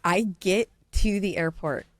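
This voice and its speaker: A woman's voice: mid-range voice, dry recording. Brief: middle-aged woman from Iowa, blunt and profane guest storyteller, dry close sound. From Iowa, USA. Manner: blunt, profane, fast-talking anecdote teller. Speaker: diamond dealer, guest. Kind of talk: casual podcast storytelling.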